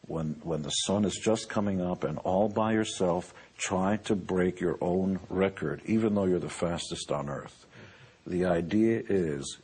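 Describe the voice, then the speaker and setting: A man's voice: low-pitched, a little mellow, breathy edge. A man in his sixties, a musician turned businessman, giving a boastful, joking motivational talk. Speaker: musician and entrepreneur.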